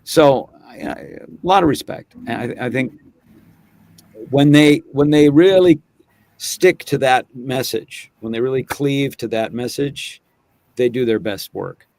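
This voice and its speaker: A man's voice: medium pitch, measured pace, darkish tone, no room sound. A man, a voice actor guest, talking in a thoughtful, reflective way and often restarting his phrases. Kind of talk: casual chat.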